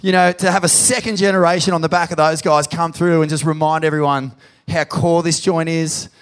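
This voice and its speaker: A man with an Australian accent hosting a live podcast on stage in a pub, sweary and emotional, loud when he hypes up the crowd. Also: fairly high pitch, flat delivery, a little fast, smooth. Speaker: podcast host. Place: pub venue with live audience.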